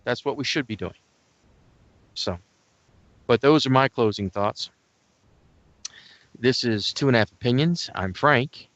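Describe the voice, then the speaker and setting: A man's voice: medium pitch, a little slow, pauses often, fairly bright tone, no echo, dull audio. A man co-hosting a casual religious talk show, closing with joking, self-deprecating remarks. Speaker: co-host.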